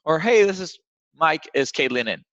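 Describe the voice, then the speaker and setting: Sales coach acting out receptionist calls. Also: male voice, mid-range voice, lively intonation, normal speed, a bit bright, dry recording. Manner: acts out phone calls in a raised voice. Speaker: sales trainer. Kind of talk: coaching over a video call. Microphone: video call. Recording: dull, dry video call audio.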